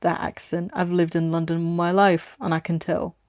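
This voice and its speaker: A woman's voice: fairly low pitch, little pitch movement, moderate pace, a little mellow, no echo, studio quality, close to an everyday voice. A woman voicing a brash, taunting female hired tough from London in a read-aloud story. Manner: taunting, blunt.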